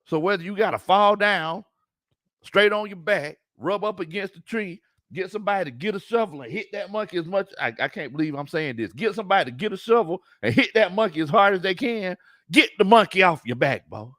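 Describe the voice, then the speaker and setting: A sports talk show host runs a casual live sports stream, reading chat comments in an animated way, laughing often and drawing out his words colloquially. His voice is high, and the sound is clean studio quality with no echo.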